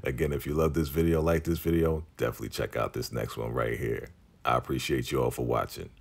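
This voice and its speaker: Man, deep voice, husky, casual tv episode recap, animated and slangy. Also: fast talker. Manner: animated, slangy, acts out the characters' lines. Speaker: TV recap vlogger.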